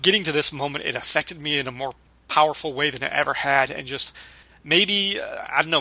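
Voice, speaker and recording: A man's voice: a little high, bright, forceful tone, no echo. A man co-hosting a podcast, talking in a casual, rambling way with lots of fillers and restarts. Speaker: podcast co-host.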